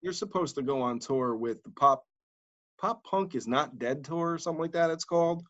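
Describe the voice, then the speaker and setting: Man, radio DJ, casual storytelling, animated quotes, a bit higher voice, slightly dull lo-fi sound. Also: normal speed. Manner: animated, swearing, acts out quotes loudly. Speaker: podcast host, radio DJ.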